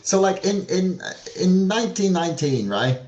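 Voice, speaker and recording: A man's voice: high-pitched, lively intonation, moderate pace, a little mellow, dull audio. A man co-hosting a podcast, telling a story in rambling, profane casual talk full of "like" and "right". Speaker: podcast co-host. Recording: roomy echo.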